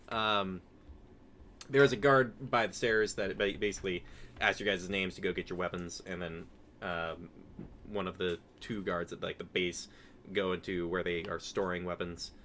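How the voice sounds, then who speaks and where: A man narrating as game master for a tabletop game, halting and full of filler words. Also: sits low, bright, forceful tone, slight background noise. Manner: halting, full of ums and uhs, laughs often.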